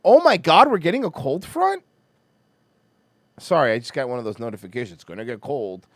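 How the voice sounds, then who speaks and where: A man from Florida hosting a podcast, ranting loudly and mockingly with constant swearing. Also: mid-range voice, sing-song, fairly quick, dry recording, studio quality. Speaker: podcast host. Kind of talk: profane comedic rant.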